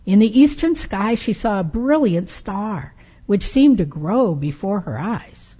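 A woman tells a story aloud during a sermon, slow and dramatic. Her voice rises and falls a lot, with a mellow, husky tone. The recording is dull and lo-fi. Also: mid-range voice, lively intonation. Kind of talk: expressive read-aloud storytelling.

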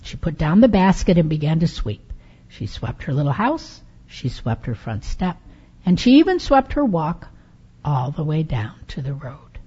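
A woman tells a story aloud during a sermon, slow and dramatic. Her voice rises and falls a lot, with a mellow, husky tone. The recording is dull and lo-fi. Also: low voice, sing-song. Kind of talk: expressive read-aloud storytelling.

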